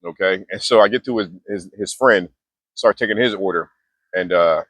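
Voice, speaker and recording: A man's voice: sits low, normal speed, a bit bright, slightly rough, no echo. Laid-back slangy young man, dry sound. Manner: laid-back slangy talk with many restarts. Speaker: mindfulness vlogger. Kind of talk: casual storytelling monologue.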